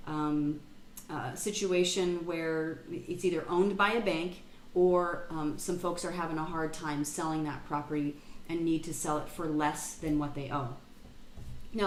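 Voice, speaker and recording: A woman real estate broker giving a casual, upbeat market update, a self-described goofball who explains figures plainly. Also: lowish voice. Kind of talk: market update video talk. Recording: roomy echo, faint background hum.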